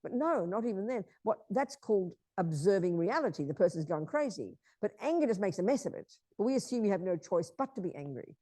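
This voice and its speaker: Woman nun teaching buddhism, blunt n emphatic, mellow voice, dry sound. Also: mid-range voice, sing-song, brisk, few pauses, dry recording. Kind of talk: informal dharma teaching talk.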